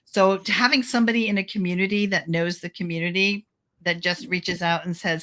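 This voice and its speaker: Enthusiastic woman guest, slightly low voice. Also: fairly even intonation, a little fast. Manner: enthusiastic, warm, laughs easily. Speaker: guest, author and children's camp founder. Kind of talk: casual interview talk.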